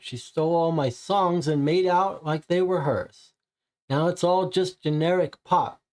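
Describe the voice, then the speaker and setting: A man's voice: darkish tone, natural voice. A man voicing a jealous female dance teacher and songwriter with a German accent, speaking in a raised, resentful voice. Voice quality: high put-on voice, resentful.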